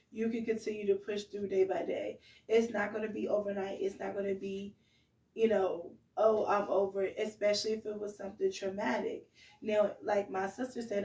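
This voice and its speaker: A woman's voice: medium pitch, darkish tone, reverberant, recorded from a distance, low-quality recording. A woman co-hosting a podcast who gives earnest, pleading advice, emotional and direct. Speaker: podcast co-host.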